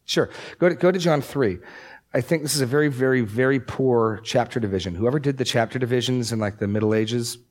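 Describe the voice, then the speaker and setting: A man teaching through a Bible passage in a casual discussion, with animated, sarcastic asides. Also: medium pitch, fairly quick.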